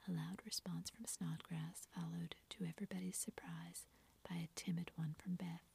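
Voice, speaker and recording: Woman narrating in whispered role-play, breathy, low and flat, soft and steady. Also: normal speed.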